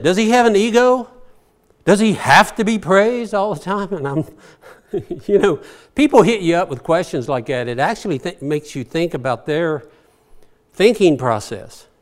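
An older man preaching a folksy, conversational sermon, asking rhetorical questions and chuckling as he goes. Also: on the high side. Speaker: pastor.

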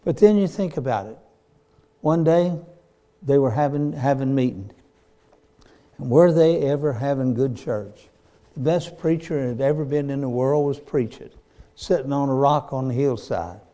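A man preaching a sermon, slow and emphatic, with dramatic pauses and repeated phrases. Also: medium pitch, mellow.

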